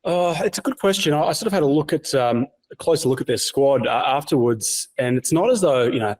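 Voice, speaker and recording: Male journalist guest, fast considered answers on a remote line. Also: medium pitch, expressive, a little mellow. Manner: quick, thoughtful, with restarts. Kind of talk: podcast interview.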